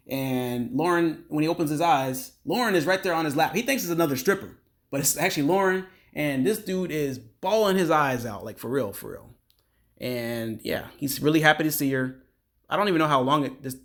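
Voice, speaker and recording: A man's voice: medium pitch, fairly bright tone. A man casually recapping a reality show episode in a rambling, filler-heavy way. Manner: rambling, filler-heavy retelling with "like" and "you know".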